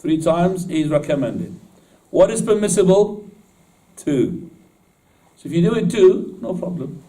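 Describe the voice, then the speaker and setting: A man's voice: sits high, sing-song, measured pace, pauses often, warm tone, distant mic, poor audio. A man teaching Islamic law to a class in casual, informal speech, often asking his students questions and laughing at his own jokes. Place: mosque classroom.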